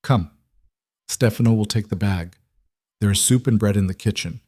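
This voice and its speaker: A man's voice: on the low side, moderate pace, a little mellow, husky, no echo, clean studio sound. A man voicing a curt, no-nonsense housekeeping woman of about sixty in a storybook narration. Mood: brisk.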